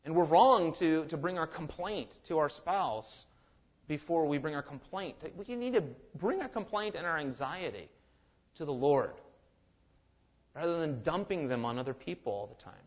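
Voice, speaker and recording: Male pastor, earnest sermon, slightly high voice, muffled lo-fi recording. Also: animated, moderate pace. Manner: earnest, repeats words when stressing a point.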